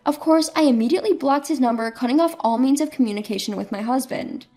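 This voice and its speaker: A woman narrating a first-person story in a steady, matter-of-fact way. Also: sits high, fast.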